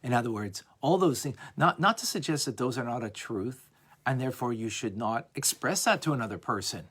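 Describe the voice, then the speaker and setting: A man teaching a lively class on a religious text, asking "right?" often and acting out examples. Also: medium pitch, fairly quick, breathy edge. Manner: animated, playful, acts out examples, frequent "right?". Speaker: Torah teacher.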